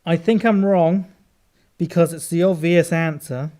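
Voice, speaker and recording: A man co-hosting a casual comedy podcast, rambling and hesitant as he overthinks his guesses out loud. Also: on the high side, measured pace. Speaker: podcast co-host, guessing player. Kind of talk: casual banter.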